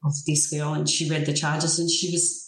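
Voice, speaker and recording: A middle-aged Australian woman, a guest telling her own story in a frank, plain-spoken and steady way. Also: deep voice, normal speed. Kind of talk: personal story in a conversation. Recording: roomy echo.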